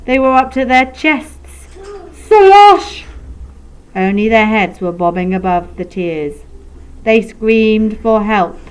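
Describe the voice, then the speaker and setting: A woman teacher with an English accent reading a storybook aloud to a class, expressive and playful with sound effects, in a classroom. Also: a little high, rough recording.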